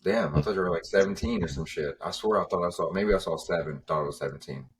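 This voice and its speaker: A man's voice: deep voice, fast, a little hiss or hum. A man appearing as a guest on a podcast, chatting casually in a laid-back, teasing way. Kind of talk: casual chat.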